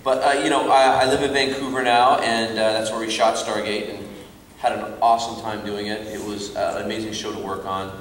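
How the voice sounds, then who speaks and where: A man's voice: on the low side, flat delivery, fairly quick, a little hiss or hum. A man from Scotland, an actor telling chatty, rambling stories at a convention panel. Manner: chatty, rambling, many fillers. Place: large convention hall. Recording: echoey convention hall, distant mic.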